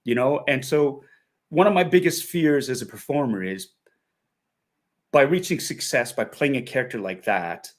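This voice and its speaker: A middle-aged man with a Canadian accent speaks as a guest in a relaxed interview. He is earnest and thoughtful, breaking into easy laughter, at a medium pitch. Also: normal speed. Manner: earnest, reflective, laughs often. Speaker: guest actor. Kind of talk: casual interview.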